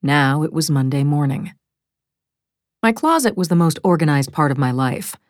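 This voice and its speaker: A woman reading a first-person thriller audiobook in a measured, wry storytelling manner, close to a studio mic. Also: low voice, expressive, dry recording. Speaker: audiobook narrator.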